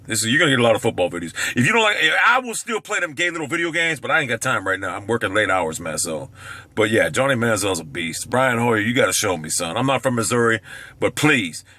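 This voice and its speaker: A man's voice: medium pitch, pushed and bright, dry recording. A man ranting brashly about football on his vlog, swearing often and swinging his voice up and down. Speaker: sports vlogger. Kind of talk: profane sports rant.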